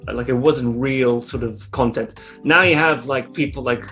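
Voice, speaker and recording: A man's voice: medium pitch, moderate pace, sharp tone, soft background music. A man talking as an interview guest in a loose, rambling way, full of fillers and the odd swear word. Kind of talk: casual interview chat.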